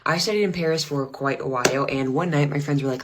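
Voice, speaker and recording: A woman telling a comedic personal story in an animated, self-deprecating way, with laughs between lines. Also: sits low, quick pace, few pauses. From United States.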